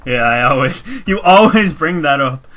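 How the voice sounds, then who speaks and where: Young Irish male podcast host, crisp bright tone, sarcastic casual chat. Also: on the high side, expressive, normal speed. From Ireland. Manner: sweary, sarcastic banter.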